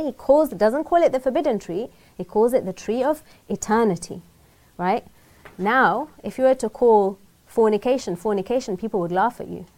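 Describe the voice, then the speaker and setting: Woman teacher, mellow warm tone; chatty Quran lesson, quick Arabic recitation, frequent "right?" check-ins. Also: mid-range voice. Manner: conversational, often checks in with "right?"; recites Arabic verses quickly, then explains in English. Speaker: Islamic teacher. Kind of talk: religious lesson on Quran verses.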